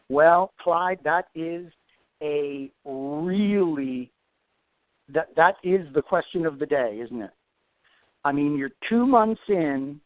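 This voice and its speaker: A man's voice: sits high, no room sound. Chatty male instructor on a tinny line. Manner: chatty, self-deprecating asides. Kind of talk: live webinar Q&A. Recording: tinny phone-like dry sound.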